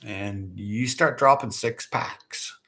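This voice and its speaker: A man's voice: medium pitch, takes it slowly, sharp tone. A middle-aged man hosting a casual livestream, chatting in a rambling, folksy way full of fillers and restarts. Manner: rambling, folksy, with many fillers and repeated starts. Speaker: livestream host. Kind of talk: casual chat reading viewer comments.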